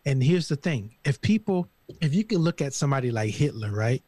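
A man talking in a casual panel discussion in a slangy, animated, emphatic way. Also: mid-range voice, a little fast, dry recording. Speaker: regular panelist.

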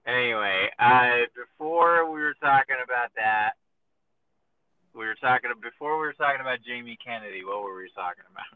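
Over a tinny, lo-fi, phone-like signal with faint noise and a dry quality, a man talks at a normal pace in a mid-range voice. He's hosting a laid-back podcast, wandering from story to story, cursing liberally and performing quoted voices.

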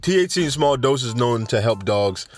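A man's voice: mid-range voice, lively intonation, normal speed, faint music behind. A man from Jamaica hosting a casual cannabis news podcast, rambling and joking with slangy asides. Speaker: podcast host.

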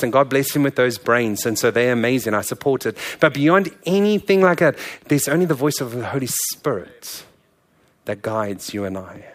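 A male pastor giving a sermon in a candid, conversational, earnest way. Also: medium pitch.

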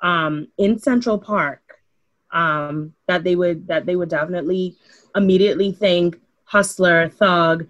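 A woman with a lowish voice argues her points on a podcast. She talks emphatically and opinionatedly. The delivery is casual, as if among friends. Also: unhurried, muffled recording. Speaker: podcast co-host.

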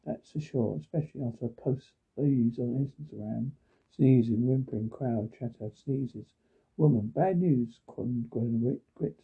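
A man with a gravelly, very raspy voice reads every line of dialogue and each sound cue aloud in a flat, plain manner. His voice comes through a thin, phone-like recording. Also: mid-range voice, measured pace. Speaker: reader of captions and sound cues. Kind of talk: reading aloud all dialogue and sound cues.

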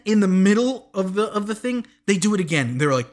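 A man's voice: high voice, big pitch swings. A man chatting casually as a podcast host, joking, laughing easily and often restarting his sentences. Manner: rambling, joking, quick to laugh; restarts and corrects himself often. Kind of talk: casual chat recapping a TV show.

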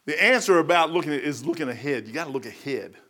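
A middle-aged man preaches in a folksy, animated way. His voice sits slightly high and sounds bright and forceful, and he climbs to emphatic peaks as he drives his points home. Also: quick pace. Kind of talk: sermon.

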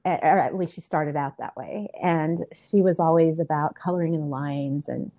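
A middle-aged woman with a low, mellow voice shares a story as a podcast guest. She talks in an earnest, easygoing way and uses plenty of fillers. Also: normal speed. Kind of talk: casual storytelling in an interview.

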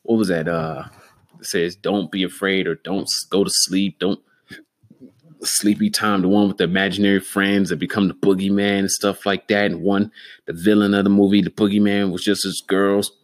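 A man hosting a solo podcast, rambling and cursing freely, sometimes getting excitable. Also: low voice, normal speed. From Denver, Colorado. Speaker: podcast host. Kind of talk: solo casual podcast monologue.

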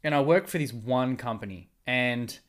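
A man with a mid-pitched voice tells an everyday anecdote from work in a loose, conversational way. He talks animatedly, with plenty of fillers and restarts. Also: normal speed. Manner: animated anecdotes, quotes people in exaggerated voices. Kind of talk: casual storytelling.

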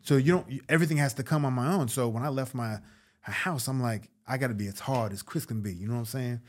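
A man's voice: mid-range voice, quick pace. A man from New York, an actor and comedian, telling a story as a guest, acting out the voices of the people in it and swearing freely. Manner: animated, acts out quoted voices, swears freely. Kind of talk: casual storytelling.

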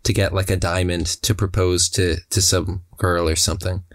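A young man calmly tossing out ideas for a comic story in casual chat. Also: low voice, normal speed, no echo, clean studio sound.

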